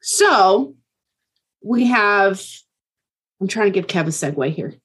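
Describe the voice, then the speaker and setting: A woman's voice: medium pitch, expressive, slow pace, fairly bright tone, breathy edge. A woman co-hosting a podcast, telling a true crime story in a casual way and checking in with her listeners. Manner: casual, keeps checking in with okay. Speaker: podcast co-host.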